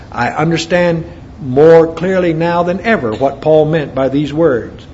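An American preacher with a fairly high, darkish voice mixes readings from scripture with folksy asides in his sermon. The sound quality is dull and lo-fi, and faint noise lingers in the background.

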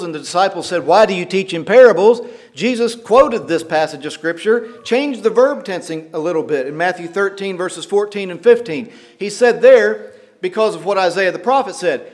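A man preaching a sermon, teaching through scripture, reading verses slowly and dramatically and asking rhetorical questions. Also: sits high, darkish tone. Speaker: pastor. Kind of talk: expository sermon.

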